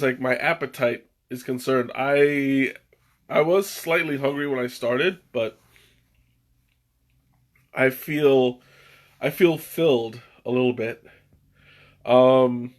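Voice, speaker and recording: Hosting a laid-back tea-tasting livestream, this man talks in a slightly high, somewhat bright voice, captured on a webcam mic. He rambles, chuckles, and frequently lets sentences drift off unfinished.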